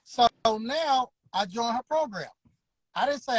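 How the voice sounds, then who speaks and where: A man's voice: very high-pitched, animated, no room sound, low-quality recording. A man, telling his story as an interview guest in an emphatic, preacher-like way. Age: 50s. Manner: emphatic, preacher-like, drawn-out words. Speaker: interview guest, barber school owner. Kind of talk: motivational storytelling.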